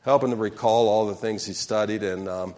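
Male pastor, low voice, sermon, asks the crowd questions, acts out prayers. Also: steady tone, brisk, a little mellow. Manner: calls out questions to the congregation.

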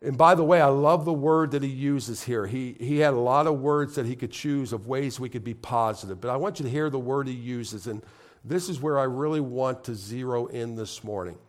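A man's voice: medium pitch, normal speed. Man preaching with call-and-response. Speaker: pastor. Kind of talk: sermon. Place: congregation in a room.

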